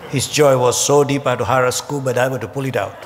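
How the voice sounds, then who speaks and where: A man preaching a sermon, telling humorous stories in an animated way. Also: mid-range voice, fast. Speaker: pastor. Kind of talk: sermon storytelling. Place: church auditorium. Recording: hall reverb with faint ambient noise.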